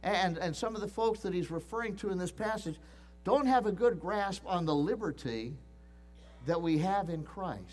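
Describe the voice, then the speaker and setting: High-voiced male preacher, earnest. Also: lively intonation, moderate pace. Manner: earnest, repetitive, with frequent restarts and emphatic repeats. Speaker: pastor. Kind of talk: sermon.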